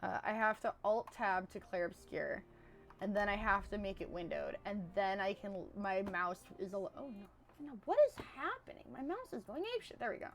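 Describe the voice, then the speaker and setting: A young woman with a high-pitched, squeaky voice, chatting casually and rambling on a live stream, swinging between loud and hushed. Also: sing-song, moderate pace, slight background noise. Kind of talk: casual chat.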